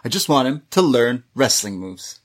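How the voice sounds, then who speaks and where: A man co-hosting a wrestling review show, talking casually at an ordinary middle pitch. He recaps segments with energy and keeps breaking into exaggerated impressions of the wrestlers' promos. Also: normal speed. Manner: animated, mimics wrestlers' promos in exaggerated voices. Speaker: wrestling podcast co-host.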